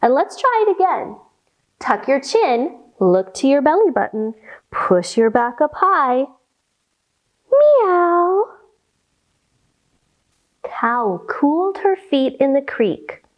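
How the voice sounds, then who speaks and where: Animated woman reading a kids' story. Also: sits high, dull audio. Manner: animated, playful, slow and expressive. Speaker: children's yoga teacher. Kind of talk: children's storytime read-aloud with yoga instruction.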